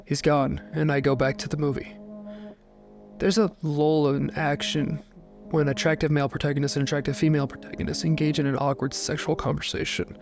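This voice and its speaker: Young guy reading a creepy first-person story, slightly high voice, dry and calm, soft music underneath. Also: brisk, gravelly. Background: faint music.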